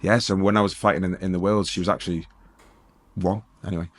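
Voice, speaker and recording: Fast-talking man. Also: low voice. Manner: lively anecdotal, acts out dialogue. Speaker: police sergeant, guest. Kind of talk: casual storytelling interview.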